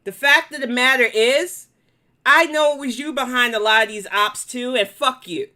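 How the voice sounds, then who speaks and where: A woman's voice: a little high, moderate pace, bright, forceful tone. A woman with a New York accent hosting a live commentary stream, blunt, profane and confrontational as she answers her chat. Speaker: commentary livestream host.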